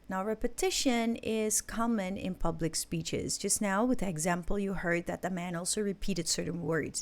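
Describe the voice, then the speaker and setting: A woman English teacher giving a recorded listening lesson, explaining points slowly and checking in with her students. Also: lowish voice.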